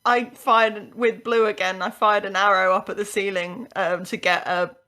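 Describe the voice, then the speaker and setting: A woman's voice: medium pitch, steady tone, normal speed, pushed and bright. A woman guest in a casual podcast chat, enthusiastic and full of fillers.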